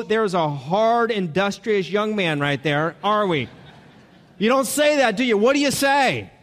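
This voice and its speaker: A man's voice: high-pitched, in a large hall. A man preaching a sermon to a congregation, talking in a conversational way and asking them questions. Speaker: pastor.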